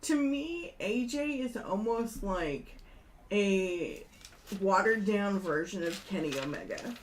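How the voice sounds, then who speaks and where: A woman's voice: mid-range voice, expressive, slow pace. A woman co-hosting a casual chat, candid and sticking to her own opinions. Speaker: podcast co-host reading chat.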